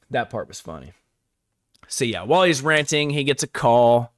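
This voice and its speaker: A man's voice: medium pitch, normal speed, a bit bright, clean tone, dry recording, studio quality. A man giving a casual, rambling live-stream recap, full of fillers and chuckling asides.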